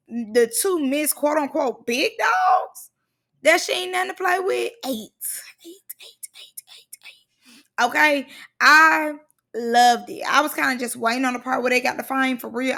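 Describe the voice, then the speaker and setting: A young woman talks through a reality show in a sassy, slang-filled way, animated and full of asides. Her voice sits high and bright, with a gravelly fry running through it. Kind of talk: casual reaction commentary.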